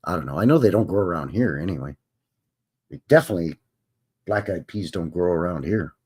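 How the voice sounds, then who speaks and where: A man's voice: low-pitched, expressive, fairly quick, darkish tone, husky. A middle-aged man, hosting a live stream and reading viewer questions in a chatty, jokey, rambling way. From Canada. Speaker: host.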